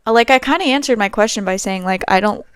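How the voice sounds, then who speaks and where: A woman's voice: mid-range voice, quick pace, clean tone, dry recording, studio quality. A young woman hosting a podcast, telling stories in a rambling, casual way with lots of fillers. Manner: chatty, rambling storytelling with many fillers. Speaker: podcast host. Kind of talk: casual chat.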